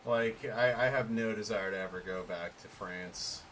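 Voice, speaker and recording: A man's voice: lowish voice, moderate pace, a bit bright, a little hiss or hum, rough recording. A man chatting casually with a friend, often chiming in with short agreeing replies. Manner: easygoing listener, frequent short back-channel replies. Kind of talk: casual chat.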